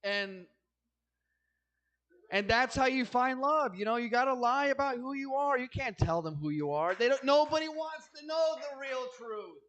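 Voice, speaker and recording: A man's voice: very high-pitched, normal speed, fairly bright tone, muffled recording. A man doing a stand-up comedy set, ranting in a profane, agitated way and stammering through restarts.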